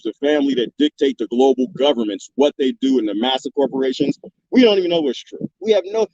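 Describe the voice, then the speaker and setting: Animated high-voiced man ranting on a livestream. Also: creaky, no room sound. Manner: rambling, animated, laughing and profane. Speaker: livestream host reading comments. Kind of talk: casual livestream monologue. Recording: dull lo-fi dry sound.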